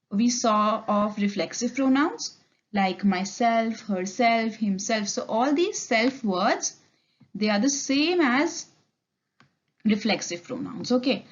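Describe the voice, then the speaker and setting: Indian woman teaching, slightly high voice. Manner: explains step by step, mixing Hindi and English, frequent "okay?" checks. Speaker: English teacher. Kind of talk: recorded grammar lecture. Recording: dull lo-fi recording.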